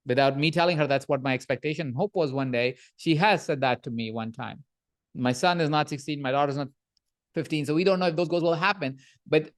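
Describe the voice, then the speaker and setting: A man guesting on a podcast, telling animated stories about coaching and often checking in with a quick "right?". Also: fairly high pitch. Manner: animated storyteller, frequent "right?" tag questions. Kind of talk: podcast interview conversation.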